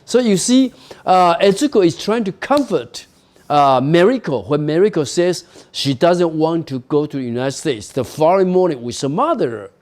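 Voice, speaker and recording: A man lecturing on a novel at a university, explaining slowly with frequent "you know" and "okay?" asides. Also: fairly high pitch, lively intonation, a little mellow.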